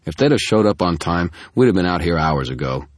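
A man's voice: deep voice, animated, brisk, dry recording, clean studio sound. A man voicing a grumbling stubborn cop. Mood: resentful. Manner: loud and complaining. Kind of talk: audiobook narration.

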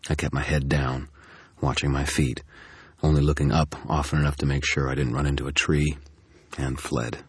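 A man giving steady, grim first-person audiobook narration. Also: extremely low pitch, moderate pace, husky, no room sound.

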